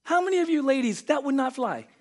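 A man preaching a sermon, addressing the congregation with rhetorical questions, swinging from low, quiet stretches to high, loud ones. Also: big pitch swings, fast talker. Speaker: pastor.

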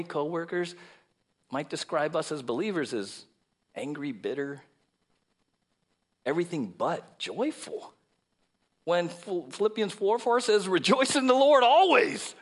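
Middle-aged pastor guy preaching in church, high voice, swoops up and down a lot. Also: normal speed. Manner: animated, mocking voices and dropping to soft asides. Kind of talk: sermon. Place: church sanctuary.

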